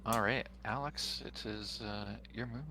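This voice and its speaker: Brief: man, dungeon master, lowish voice, hesitant narration, noisy online recording. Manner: halting, filler-heavy narration. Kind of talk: narrating a tabletop game.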